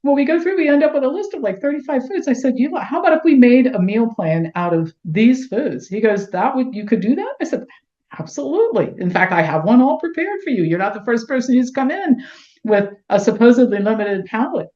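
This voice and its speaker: A middle-aged woman being interviewed, telling lively anecdotes and acting out the dialogue. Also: fairly high pitch, fairly quick. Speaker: guest, health doctor. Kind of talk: storytelling in interview. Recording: roomy, dull lo-fi sound.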